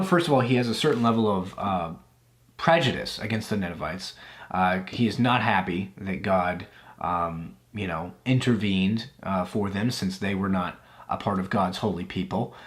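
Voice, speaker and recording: A man hosting a video review, talking casually about a scripture passage and filling pauses with lots of "you know" and "uh". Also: lowish voice. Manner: conversational, many fillers like "you know" and "uh". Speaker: YouTube host reviewing Bible books. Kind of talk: casual video commentary after reading scripture aloud.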